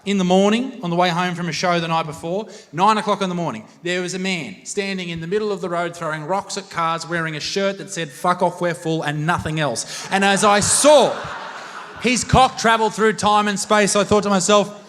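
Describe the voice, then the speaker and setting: A man with an Australian accent doing live stand-up comedy, brash and crude, talking loudly into a handheld stage mic. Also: high voice, fairly even intonation, a little fast. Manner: brash, crude and loud, bursting into shouts. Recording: long reverb of a live venue.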